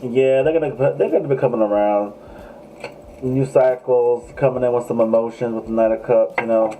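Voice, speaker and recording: A man's voice: mid-range voice, fairly even intonation, moderate pace, warm tone, slight background noise, low-quality recording. A man giving a casual, joking live tarot reading, swearing freely and talking straight to his viewers. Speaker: tarot reader.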